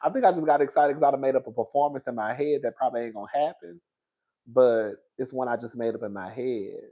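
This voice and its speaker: A young man hosting a casual gossip talk show, animated and campy, laughing loudly and using lots of slang. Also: mid-range voice, fast, dull audio. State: out of breath. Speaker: host.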